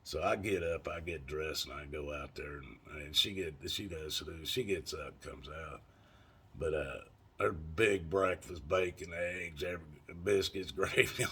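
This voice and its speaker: A man's voice: low-pitched, unhurried, a bit bright, husky. A man telling rambling, folksy, profane stories to his viewers in casual vlog style. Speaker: vlogger. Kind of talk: casual storytelling.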